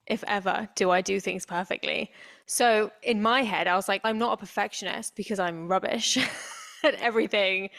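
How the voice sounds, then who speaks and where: A woman co-hosts a podcast in relaxed conversation. Her voice has a strong gravelly fry, and she speaks candidly, reflecting on herself with a self-deprecating touch. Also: mid-range voice. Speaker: podcast co-host. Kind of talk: casual chat.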